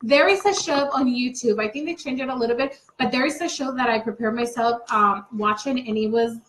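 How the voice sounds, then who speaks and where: A young woman in casual chat, chatty and quick to laugh. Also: a little high, fairly bright tone. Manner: chatty, laughs easily, reacts with short replies. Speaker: co-host. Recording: echoey room with faint noise.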